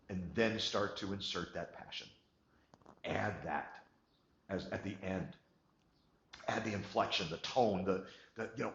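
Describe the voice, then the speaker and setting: Emphatic low-voiced man coaching a group. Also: vocal fry, echoey room, dull audio. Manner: emphatic, shifts from quiet to energized, repeats words. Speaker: business coach. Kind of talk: motivational coaching talk.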